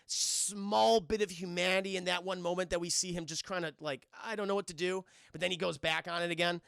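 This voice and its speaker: Young man streamer, casual film breakdown, profane and chatty, bright, gravelly voice, dry sound. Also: sits high, flat delivery, fairly quick, no room sound. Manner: profane, chatty, keeps addressing chat.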